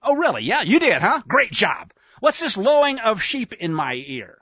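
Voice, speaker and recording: A man's voice: high voice, very animated, moderate pace, pushed and bright, no echo, muffled recording, pitched above the performer's own voice, exaggerated voice. A man voicing a stern, sarcastic old prophet rebuking a king. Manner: sarcastic, scolding.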